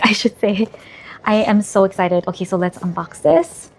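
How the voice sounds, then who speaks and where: A woman's voice: medium pitch, expressive, normal speed, a little hiss or hum. A woman filming an unboxing vlog, gushing, gasping and squealing with delight. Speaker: vlogger.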